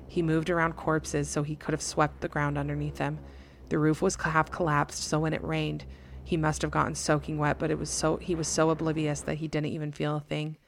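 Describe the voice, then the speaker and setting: A woman playing a gruff raspy old uncle. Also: fairly high pitch, monotone, a little hiss or hum. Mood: grave. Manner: slow, curt.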